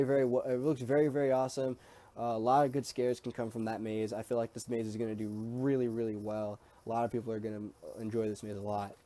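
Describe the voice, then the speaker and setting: Rambling man with a mellow voice. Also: medium pitch. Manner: rambling and hesitant, with many ums and restarts; easygoing and chatty. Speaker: vlogger. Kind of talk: casual talk to camera.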